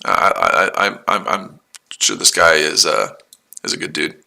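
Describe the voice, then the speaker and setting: A man's voice: low voice, sing-song, unhurried, creaky, sharp tone. A man hosting a casual trading livestream, talking to his chat in a mocking, repetitive way. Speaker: trading streamer.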